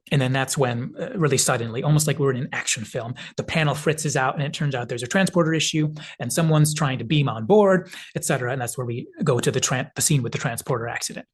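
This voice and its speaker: A man's voice: mid-range voice, quick pace, slightly rough. A man hosting a film analysis video, casually retelling scenes with lots of hedging filler words. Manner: rambling retelling full of "kind of" hedges. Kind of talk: casual video essay narration.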